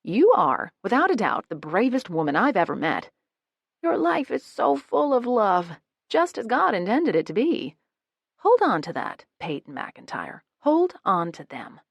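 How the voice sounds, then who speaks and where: A woman voicing a bold, playful grandmother who overshares loudly and proudly in an audiobook. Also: mid-range voice, big pitch swings, measured pace, creaky, no echo, pitched above the performer's own voice, full character voice. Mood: tender. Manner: brash, loud and proud.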